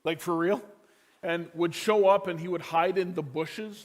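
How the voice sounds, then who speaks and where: A man who is a pastor, preaching a sermon that moves from loud emphasis down to hushed, quiet lines as he tells a family story. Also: high-pitched, fairly even intonation, a little slow.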